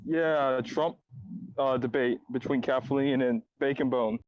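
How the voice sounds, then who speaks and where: A man's voice: medium pitch, steady tone, unhurried, dull audio. A man in a casual group voice chat, speaking hesitantly with many fillers.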